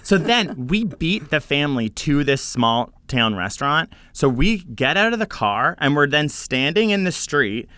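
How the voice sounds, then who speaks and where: A young man co-hosting a podcast, telling a story in casual chat and acting out the quotes in high voices. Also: big pitch swings, a little slow, hardly any pauses, bright, forceful tone, clear, resonant tone, no room sound. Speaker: podcast co-host. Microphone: studio podcast mic.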